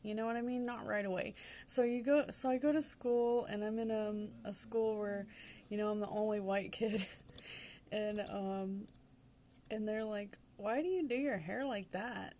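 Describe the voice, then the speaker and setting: A woman's voice: medium pitch, flat delivery, a little slow, warm tone, slight background noise. A talkative woman in her forties with a Southern accent hosts a tarot reading. Her delivery is casual and meandering, and she laughs often as she talks. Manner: chatty, rambling, laughs often. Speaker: tarot reader.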